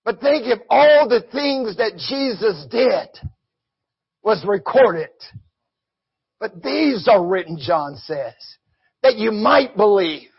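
A man preaching a sermon, peppering it with "amen" and rising into shouts. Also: sits high, creaky, husky, dry recording. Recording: dull lo-fi recording.

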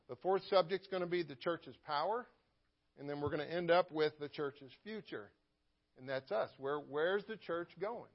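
A man's voice: fairly high pitch, gravelly, highs cut off. A man preaching a sermon as pastor, in a conversational way, often repeating words and asking for an amen.

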